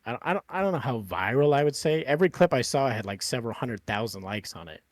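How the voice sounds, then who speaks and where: A man's voice: medium pitch, expressive, quick pace, dry recording. A man hosting a podcast, chatting casually in a rambling way with lots of fillers and swearing. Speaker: podcast host.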